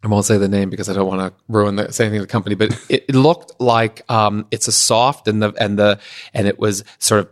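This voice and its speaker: A middle-aged man from Pennsylvania, a guest on a podcast, telling a long anecdote in an animated way and acting out what others said. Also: fairly low pitch, fast talker. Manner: animated, acts out others' lines in shifting voices. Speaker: podcast guest, event designer. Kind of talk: anecdotal storytelling in conversation.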